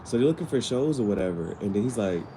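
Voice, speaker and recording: A man's voice: fairly low pitch, animated, fast, dark tone, slight background noise, low-quality recording. A man casually recapping a TV episode in slangy, rambling speech with many restarts. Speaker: vlogger.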